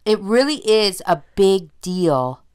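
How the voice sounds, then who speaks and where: A woman's voice: mid-range voice, sing-song, slow pace, darkish tone, smooth. A Canadian woman co-hosting a podcast, chatting in a rambling way and laughing easily. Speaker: podcast co-host. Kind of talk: casual chat.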